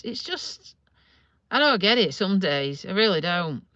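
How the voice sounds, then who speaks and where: A woman's voice: medium pitch, sing-song, unhurried, a bit bright, no echo, lo-fi sound. A woman, chatting and grumbling to viewers on a phone livestream from a parked car, with some mild swearing. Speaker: vlogger doing a phone livestream. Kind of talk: casual ranting chat to viewers. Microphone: phone held in front of her.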